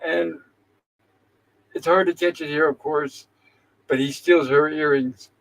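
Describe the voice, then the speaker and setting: Guy host chatting through an old episode, slightly higher voice, reads out the lines. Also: fairly even intonation, measured pace, vocal fry, low-quality recording. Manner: retells scenes and reads character lines aloud. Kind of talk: casual episode recap.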